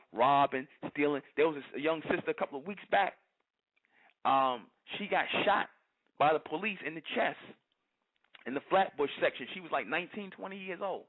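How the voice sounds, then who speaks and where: Guy preaching hard, kinda high voice, sounds like it's over a phone line. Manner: fiery, repeats "you understand?". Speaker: channel host. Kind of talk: preaching monologue. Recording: tinny phone-like audio.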